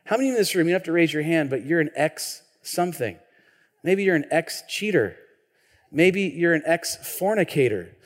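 A man in his thirties preaches in a church, telling stories in a relaxed, conversational way and often throwing questions to the congregation. His voice sits a little high for a man and he restarts his sentences often. Long reverb from the sanctuary trails his words. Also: moderate pace. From Washington state, US. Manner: animated, conversational, frequent restarts and audience questions. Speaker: pastor. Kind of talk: sermon with personal storytelling.

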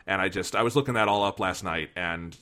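A man talking in a loose, animated way, often breaking into laughter and playful quoted lines. His voice has a bright, forward edge. The talk is relaxed and conversational. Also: low voice, fairly quick. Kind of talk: casual chat, film discussion.

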